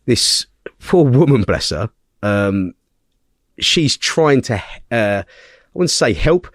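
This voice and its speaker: A man's voice: medium pitch, slow, no echo, clean studio sound. Blunt, swearing man telling a story. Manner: blunt, heavy swearing, animated retelling; checks in with the listener with tag questions. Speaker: podcast guest. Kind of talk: casual storytelling in conversation.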